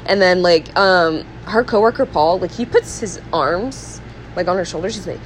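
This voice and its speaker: Animated young woman, podcast host. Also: lowish voice, normal speed, a little hiss or hum, rough recording. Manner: animated, acts out characters' lines in voices, laughs often. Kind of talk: casual chat recapping a film.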